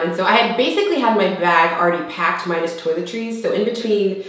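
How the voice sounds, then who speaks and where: A young woman vlogger telling a personal story to camera in a casual, chatty way, jumping up high when she acts out quoted lines. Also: animated, quick pace, fairly bright tone. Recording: very echoey room.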